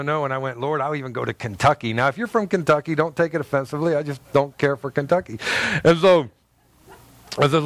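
A man's voice: medium pitch, clean tone, no room sound. Middle-aged guy pastor preaching, folksy storyteller, dry close sound. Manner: folksy storytelling with laughs and asides. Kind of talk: sermon. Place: church.

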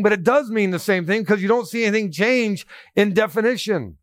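A man preaching a sermon, emphatic and animated, quoting scripture with a raised voice. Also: high-pitched, brisk, no room sound, studio quality. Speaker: pastor.

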